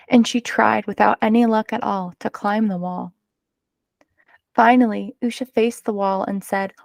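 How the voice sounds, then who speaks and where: Woman reading a children's book aloud, gravelly. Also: fairly high pitch, dry recording. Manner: expressive, measured narration. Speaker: storyteller.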